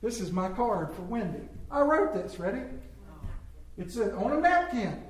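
A man telling comic stories to a live audience, animated and playful with emphatic swings. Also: sits high, moderate pace. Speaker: speaker entertaining an audience. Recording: roomy echo.

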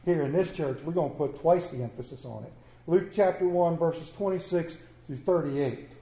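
Male pastor, high-pitched yet mellow, fervent sermon delivery, echoey church room. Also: moderate pace. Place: church sanctuary.

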